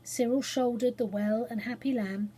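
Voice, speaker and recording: A woman reading a children's storybook aloud, gentle and expressive, dropping to a hush in places. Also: a little high, normal speed, husky, rough recording.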